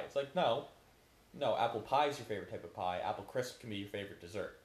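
A man's voice: lowish voice, fast talker. A man co-hosting a podcast, giving long, opinionated explanations in casual chat. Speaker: podcast co-host. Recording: echoey room.

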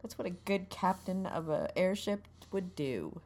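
A woman's voice: fairly low pitch, sing-song, unhurried, a little mellow. A woman co-hosting in character with rambling, easily distracted, apologetic comedic banter. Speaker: co-host.

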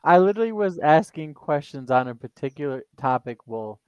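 A man's voice: fairly high pitch, lively intonation, fairly quick, smooth, no echo. A man co-hosting a casual podcast, telling a story emphatically, repeating himself and swearing. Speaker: podcast co-host.

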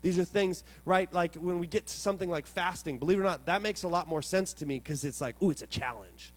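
A man with a fairly high voice preaches to his congregation, telling stories with plenty of animation. He drops to quiet reflection, then surges into loud excitement. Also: fast talker. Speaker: pastor. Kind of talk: sermon.

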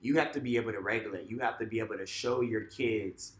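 A man, a teacher co-hosting a podcast, talking in a relaxed way full of "like" and "you know," sometimes acting out what he says in class. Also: lowish voice, quick pace, reverberant. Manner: relaxed, filler-heavy, acts out classroom voices. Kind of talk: casual conversational chat.

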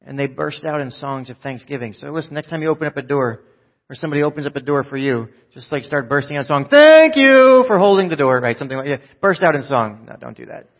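A man preaching a live sermon to a church congregation, joking and swinging from loud bursts to soft, low asides. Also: fairly even intonation, fast, creaky, muffled recording. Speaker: pastor.

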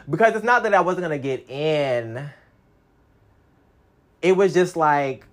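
A young man talking through his own story in a casual, sassy monologue. He swears freely and swings between loud outbursts and low mutters.

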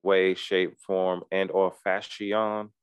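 Deep-voiced stuffy man, profane and jokey. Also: takes it slowly, noisy background. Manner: animated, profane, jokey, bursts into high-pitched exclamations. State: stuffy nose. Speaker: podcast co-host. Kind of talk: casual chat recapping a TV series.

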